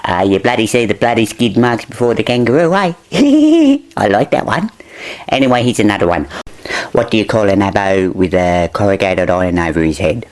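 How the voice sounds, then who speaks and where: A drunk Australian man with a fairly low voice fires off crude pub jokes. He swears often and fumbles the setups before getting to the punchline. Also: brisk. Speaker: comedy podcast joke teller. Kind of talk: crude pub-style joke telling.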